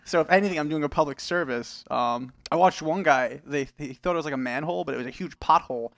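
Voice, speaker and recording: A man's voice: fairly high pitch, fast, gravelly, fairly bright tone, no room sound. A man co-hosting a podcast, joking around in casual chat and reading the news loosely. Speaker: podcast co-host. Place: studio.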